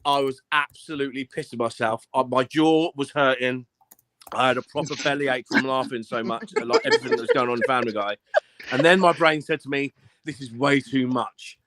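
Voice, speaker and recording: A man's voice: medium pitch, big pitch swings, fairly quick, a bit bright. A man telling a crude, laughing story in casual chat.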